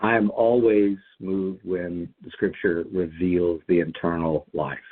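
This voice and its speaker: A man's voice: low-pitched, steady tone, unhurried. A man leading a lectionary podcast discussion, reflective and thinking aloud with frequent restarts. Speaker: discussion leader. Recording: tinny phone-like line.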